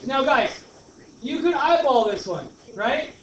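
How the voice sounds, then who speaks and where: A high-voiced man with a Brooklyn accent teaches a math class in an animated way. He is recorded from far across an echoey classroom, the sound is dull, and a faint hiss sits underneath. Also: slow pace. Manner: animated, addresses class as guys.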